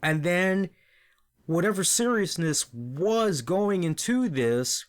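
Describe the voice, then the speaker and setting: A man's voice: high voice, animated, slow. A man hosting a wrestling review show, talking casually and with animation, often repeating words and asking "right?".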